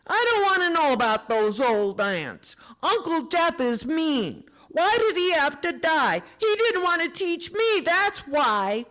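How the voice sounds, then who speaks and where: A reader voicing an angry, grieving little boy in a storybook read aloud, with loud, slow, high outbursts. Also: expressive, heavily acted. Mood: angry, tearful.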